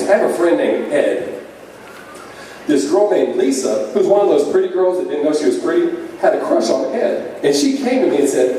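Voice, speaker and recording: A man doing a profane stand-up set, telling stories with deadpan punchlines on a club stage. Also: a little high. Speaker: stand-up comedian. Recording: echoey club sound from far off, faint noise.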